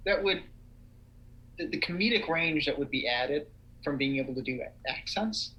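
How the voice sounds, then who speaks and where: A young man co-hosting a casual livestream chat, animated and rambling with lots of fillers. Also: a little high, moderate pace, highs cut off. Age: young adult. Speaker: podcast co-host.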